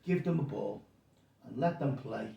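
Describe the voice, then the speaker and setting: A man voicing an older male football manager with a deep accent, blunt and kindly as he hands out advice. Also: animated, measured pace, vocal fry, warm tone, dull audio. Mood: advising. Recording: roomy sound, distant mic.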